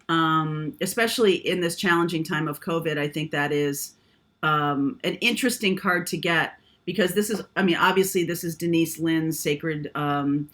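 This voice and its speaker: A woman with a low-sitting, fairly bright voice gives a casual spiritual tarot reading. As the tarot reader, she meanders and rambles, using lots of "um" and often checking in with a tagged "okay?".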